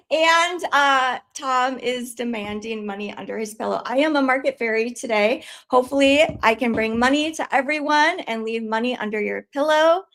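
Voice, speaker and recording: A woman hosting a trading livestream, cheerful and quick to laugh. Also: sits high, fairly bright tone. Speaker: livestream host. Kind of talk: upbeat show hosting.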